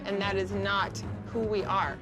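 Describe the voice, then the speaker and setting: A woman's voice: mid-range voice, fairly even intonation, unhurried, over music. A woman chef and co-owner in a reality TV clip, talking in a defiant, mocking way.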